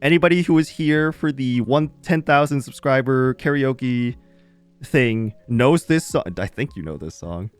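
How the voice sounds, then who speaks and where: A man's voice: mid-range voice, measured pace, clean tone, no room sound, soft background music. A young man streaming, telling a casual story to his chat with lots of laughter and swearing. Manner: animated, laughs often, swears freely.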